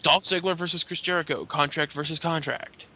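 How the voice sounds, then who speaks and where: A man chats through a wrestling recap on a podcast, hesitant and full of ums, breaking into jokey asides. His voice sits a bit high and sounds bright. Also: steady tone, brisk, breathy edge. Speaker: podcast co-host. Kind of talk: casual wrestling recap chat.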